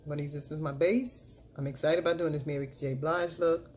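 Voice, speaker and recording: A woman's voice: brisk, slight background noise. A woman beauty vlogger talking through a makeup tutorial in a casual chat, often murmuring as she works and repeating catchphrases. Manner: repeats catchphrases, bursts into loud excited chanting; low murmured narration while working.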